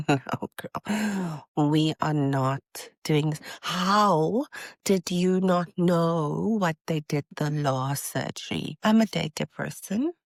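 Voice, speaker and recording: A woman in her thirties, a podcast host and mother, retelling a hard hospital day in a casual, animated and exasperated way. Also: deep voice, slow, vocal fry, no room sound. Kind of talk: casual storytelling.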